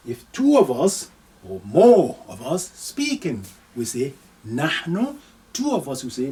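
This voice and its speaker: A man's voice: mid-range voice, darkish tone. A man teaching an Arabic lesson, patiently repeating each phrase and giving its translation. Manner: reads sample lines slowly for pronunciation. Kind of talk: recorded language lesson. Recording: voice picked up from a distance.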